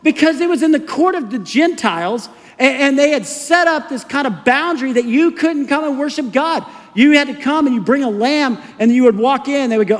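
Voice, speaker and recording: A middle-aged man preaching a sermon as pastor, telling stories in a casual, conversational way with quick acted asides. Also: very high voice, lively intonation. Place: church sanctuary. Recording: long hall reverb.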